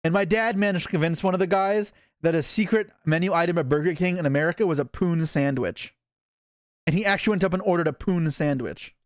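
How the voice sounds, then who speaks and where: A young man from Canada talking loosely on his live stream, rambling and poking fun at himself as he answers chat. His voice sits a little high for a man, and the sound is close and dry with no room around it. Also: quick pace, dry recording. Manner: rambling, self-deprecating, reading chat aloud.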